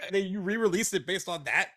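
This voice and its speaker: Male podcast co-host, bright tone, blunt and casual, quick to laugh. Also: high voice. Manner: blunt, laughs often, trails off mid-sentence. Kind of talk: casual movie news chat.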